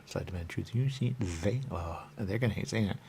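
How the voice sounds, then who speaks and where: A man with a very low, gravelly voice rambles through a loose monologue, circling back to the same catchphrases again and again. A faint hiss of noise sits under his voice. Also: fairly quick, warm tone. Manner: repetitive, rambling, repeats catchphrases. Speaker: radio show host.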